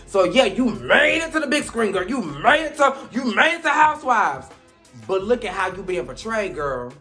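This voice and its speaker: A man hosting a reality TV recap, sassy and profane, swinging between loud outbursts and low mutters. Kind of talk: casual recap rant.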